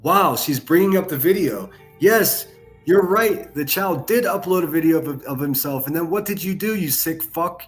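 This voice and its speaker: A man's voice: a little high, lively intonation, moderate pace, faint music behind. A man hosting a reaction commentary, mocking and sarcastic, with heavy profanity. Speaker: commentary channel host.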